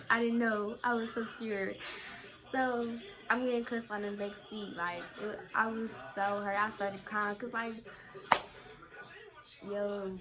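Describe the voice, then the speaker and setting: A teenage girl vlogging a casual storytime, talking in a chatty way full of "like". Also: fairly high pitch. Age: teens. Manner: chatty, fills talk with "like".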